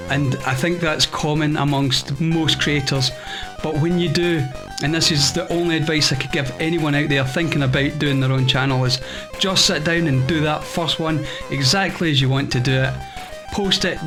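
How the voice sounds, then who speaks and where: A man hosting his own channel, answering viewer questions in a measured, earnest, explanatory way. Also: on the high side. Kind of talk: scripted-sounding Q&A answers. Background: guitar music.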